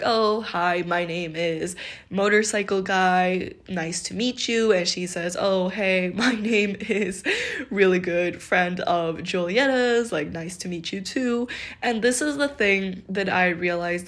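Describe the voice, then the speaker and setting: A woman's voice: fairly low pitch, fairly bright tone. A woman in her twenties casually telling a dating story, chatty and full of fillers and laughs. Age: 20s.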